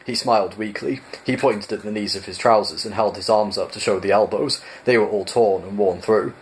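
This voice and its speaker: Lowish-voiced man reading a novel aloud. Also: brisk, slight background noise, rough recording. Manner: relaxed, with stumbles and restarts. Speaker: reader. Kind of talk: casual audiobook reading.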